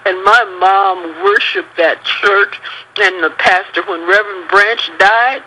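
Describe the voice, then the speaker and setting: A woman's voice: medium pitch, fairly even intonation, slow pace, pushed and bright, slight background noise. An older woman calling in to a radio show, speaking with impassioned, indignant emphasis. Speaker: caller. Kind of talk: emotional phone call. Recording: phone line on the radio.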